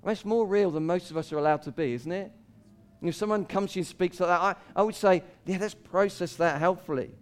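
A pastor gives a relaxed sermon punctuated by laughs, getting louder for quoted cries and going low and quiet during scripture. His delivery is brisk, and his tone is clear and resonant.

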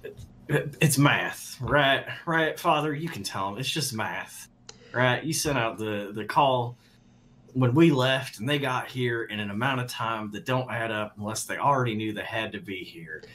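A man's voice: medium pitch, moderate pace, fairly bright tone. A man playing in a tabletop game, talking in a wry, reasoning, easygoing way. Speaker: player. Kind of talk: casual in-character talk.

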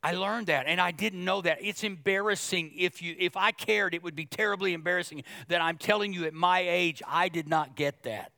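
A middle-aged male pastor preaching a sermon, animated and jokey, acting out other people's voices as he goes. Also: high voice, a little fast, few pauses, no room sound, clean studio sound.

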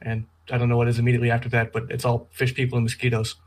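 A man from Canada chatting casually over a remote call, talking fast and joking, slurring words together. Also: medium pitch, monotone. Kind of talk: casual chat.

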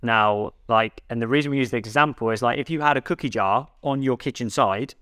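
A man's voice: mid-range voice, fairly quick, fairly bright tone, clean tone, no room sound, studio quality. A male fitness coach co-hosting a casual podcast, explaining points steadily and posing rhetorical questions.

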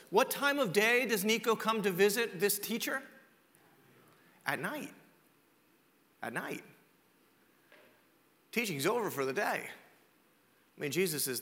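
Male pastor, high and lively, conversational sermon, long hall reverb. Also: normal speed, pauses often. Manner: animated storytelling, conversational, asks rhetorical questions.

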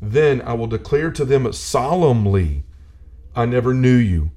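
Man, middle pitch, casual faith chat, earnest, preachy, filler-heavy. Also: unhurried, mellow.

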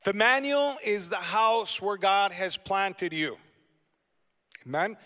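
A man pastor preaching a lively sermon in a church, asking the congregation rhetorical questions. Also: high-pitched, slow. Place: church sanctuary. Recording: long hall reverb.

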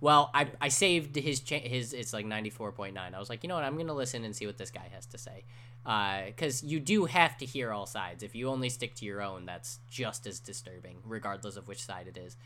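A man's voice: on the low side, expressive, fairly quick, sharp tone, a little hiss or hum. A man in his twenties, co-hosting a casual podcast chat, telling a rambling story full of fillers and swearing. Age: 20s. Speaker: podcast co-host.

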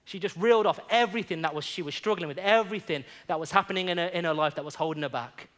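A man's voice: sits high, quick pace, a bit bright. A man preaching a sermon, telling a personal story and then urging the congregation on with rising fervor. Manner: storytelling that builds into fervent exhortation.

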